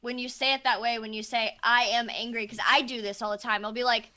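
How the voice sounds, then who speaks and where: A woman therapist in a casual discussion, thinking aloud in an animated way. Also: on the high side, fast talker.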